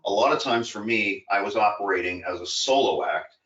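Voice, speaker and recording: A man with a fairly low voice tells a story in an earnest, rambling way with plenty of fillers. He sounds set back from the mic in an echoey room. The recording is dull and lo-fi. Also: expressive, brisk, fairly bright tone, far from the mic. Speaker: co-host. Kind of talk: casual storytelling talk. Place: home in Florida.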